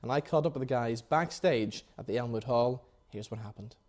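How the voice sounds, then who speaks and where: A TV presenter introducing a show and questioning actors in a brisk, friendly way. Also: male voice, medium pitch, a little mellow. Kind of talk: TV interview.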